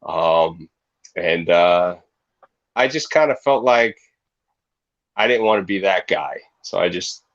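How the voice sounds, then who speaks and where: A man's voice: sits low, takes it slowly, pauses often. A man in his forties, a snake breeder being interviewed, telling stories with energy and acting out the other people's lines. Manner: animated storytelling, acts out quoted voices. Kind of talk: casual livestream interview. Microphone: video call. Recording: muffled lo-fi stream audio.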